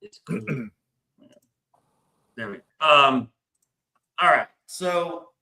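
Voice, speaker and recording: A middle-aged man hosting a podcast, telling a story in a casual, excitable way and swearing a lot. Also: fairly high pitch, very slow, creaky. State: stressed, hyped up. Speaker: podcast host.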